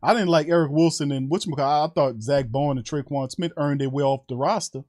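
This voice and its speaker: Animated New sports show host. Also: male voice, fairly high pitch, fast. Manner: animated, conversational, addresses fans as family. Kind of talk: casual sports talk.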